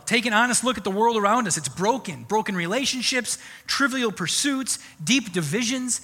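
Male pastor preaching, bright forceful voice, animated and conversational, reverberant sanctuary. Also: sits high, breathy edge. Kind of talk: sermon. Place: church sanctuary. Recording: long church hall reverb.

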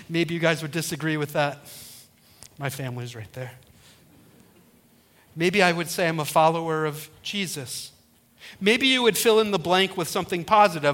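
A man's voice: a little high, moderate pace, fairly bright tone. A middle-aged male pastor preaching a sermon, retelling a story and acting out the quoted voices.

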